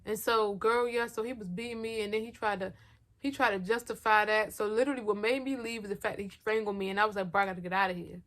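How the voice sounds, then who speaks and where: A young woman telling a personal story to her viewers in a casual, slangy, animated storytime style, talking straight to the camera at home. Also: a little high. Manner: animated, talks fast, heavy slang, addresses viewers directly. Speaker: vlogger.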